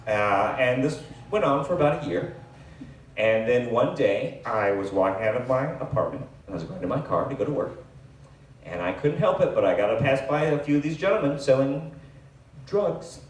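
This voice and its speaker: A man doing live stand-up, telling a rambling, self-deprecating story with lots of fillers and quick asides. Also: mid-range voice, animated. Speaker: stand-up comedian. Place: comedy club stage. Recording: echoey room, distant mic, faint hiss.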